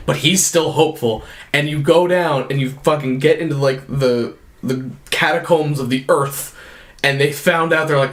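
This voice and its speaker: Animated young man telling a story. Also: fairly high pitch, moderate pace, reverberant. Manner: animated storyteller, swears freely. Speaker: podcast co-host. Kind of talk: casual chat among friends.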